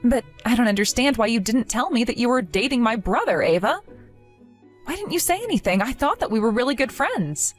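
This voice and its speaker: A woman's voice: on the high side, very animated, a little fast, soft background music. A woman voicing an earnest, bewildered young woman who pleads with a friend in a scripted drama. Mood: excited.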